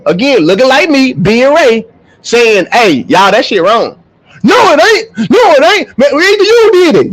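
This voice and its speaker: A man rants straight to camera, blunt and profane. His voice sits unusually high and leaps around wildly, dropping low for emphasis and jumping up in mock dialogue. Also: low-quality recording. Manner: blunt, profane, animated, swings between loud and low. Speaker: track coach and vlogger. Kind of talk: ranting to camera.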